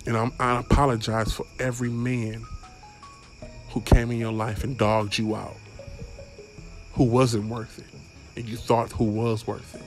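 A man's voice: medium pitch, level tone, a little slow, pauses often, soft background music. A young man hosting a casual solo podcast, rambling and stumbling over his words with frequent swearing. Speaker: podcast host.

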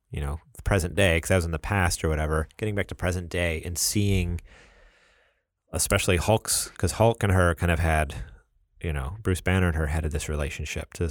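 A man with a very low voice chats casually as a podcast co-host. He retells scenes with bursts of quoted lines and frequent laughter. The sound is dry and close, with no room echo. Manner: animated, acts out movie scenes with quick quoted voices and laughs. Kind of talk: casual chat.

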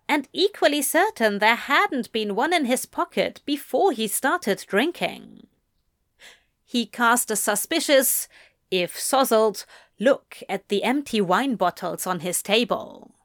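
A woman reading a story aloud at a slow, unhurried pace. Her voice is a bit high and rises and falls a lot. The recording is close and dry, with no room sound. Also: no room sound. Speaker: reader.

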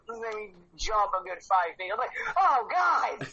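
A man's voice: high-pitched, steady tone, a little fast, pushed and bright. A man hosting a casual podcast chat, rambling, swearing freely and laughing at his own jokes. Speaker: podcast host. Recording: dull lo-fi sound.

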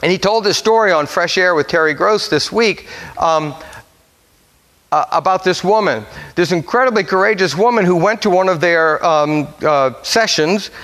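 Male pastor, sermon storytelling, slightly high voice, long church reverb, slows to hushed solemn lines. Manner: storytelling, slowing to soft solemn phrases.

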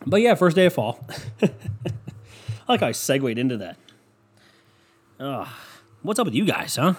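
Young male podcaster, solo rant, sarcastic, swears a lot, rambling, mid pitch. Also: very animated, normal speed, long pauses, husky. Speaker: podcast host.

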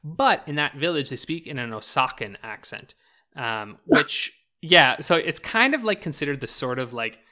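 A man's voice: mid-range voice, big pitch swings, normal speed, pushed and bright. A man in casual podcast chat, talking animatedly with lots of "like" and "right?" and laughing as he explains. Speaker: podcast co-host.

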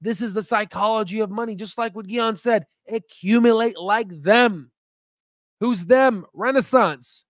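High-voiced, emphatic stock market host. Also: male voice, moderate pace, hardly any pauses, no room sound, studio quality. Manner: rambling, repetitive, emphatic; self-promoting, excitable. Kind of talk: casual screen-share commentary.

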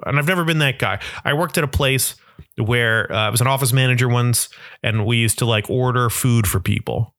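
Young male comic with a bright tone, recorded dry and close, rambling and self-mocking. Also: mid-range voice, a little fast, no room sound. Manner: rambling, self-deprecating, animated storytelling. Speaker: comedian. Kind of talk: comedic monologue.

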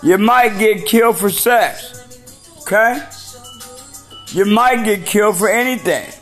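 A man's voice: sits high, unhurried, faint music behind. A man delivering a profane, preachy rant full of rhetorical questions. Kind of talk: ranting monologue.

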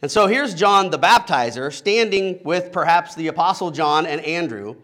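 A middle-aged man preaching in an easy, conversational way, his voice sitting a little higher than most men's. He breaks up his teaching with playful asides and keeps checking in with a quick "right?" to his listeners. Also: expressive, fairly bright tone. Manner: casual, humorous asides, frequent rhetorical "right?". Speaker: pastor. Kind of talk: conversational expository sermon.

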